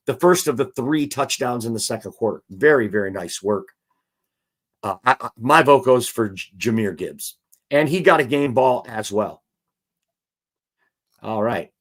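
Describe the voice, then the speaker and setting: A man's voice: medium pitch, a bit bright. A man hosting a live football show, talking casually and animatedly, and reading viewer comments aloud.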